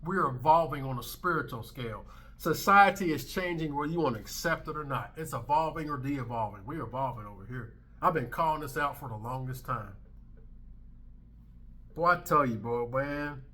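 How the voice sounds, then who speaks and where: Man in his thirties, vlog host; brash emphatic rant, bright tense tone. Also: medium pitch, normal speed. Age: 30s. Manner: brash, emphatic, swearing freely. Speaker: commentary channel host. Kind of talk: ranting commentary vlog.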